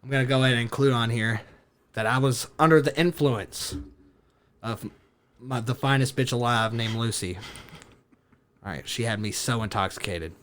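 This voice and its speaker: A man, a podcast guest, telling a story in a casual chat, animated, swearing and laughing as he goes. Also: medium pitch, moderate pace, long pauses. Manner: animated, profane, laughing through his story.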